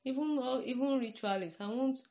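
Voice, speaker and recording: A woman's voice: sits high, brisk, mellow. A Nigerian-accented woman preaching in an informal podcast sermon, earnest and conversational, often checking "you understand?".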